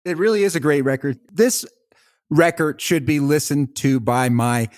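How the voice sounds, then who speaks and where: A man's voice: fairly high pitch, normal speed, no room sound, clean studio sound. A man hosting a podcast interview and talking to his guest in an eager, chatty and playful way. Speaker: podcast host. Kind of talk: casual interview chat.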